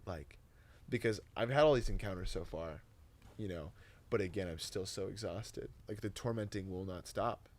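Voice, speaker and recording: A young man, a podcast guest, telling a personal testimony in casual, animated, emotional conversation full of "like" and "dude". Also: low-pitched, normal speed.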